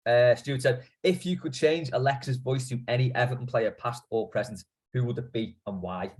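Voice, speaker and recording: A man's voice: mid-range voice, moderate pace. Guy hosting a chill podcast, easygoing and chatty, bit of "uh" here and there. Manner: relaxed, chatty, uses filler "uh". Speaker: podcast host. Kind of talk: casual podcast chat.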